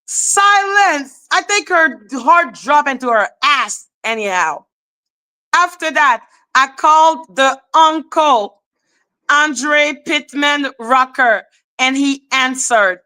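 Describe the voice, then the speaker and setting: Female host, bright, sharp high voice; unhurried, loud bursts of laughter, salty storytelling. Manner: animated, laughing, profane, breaks into shouts. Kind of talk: casual livestream storytelling.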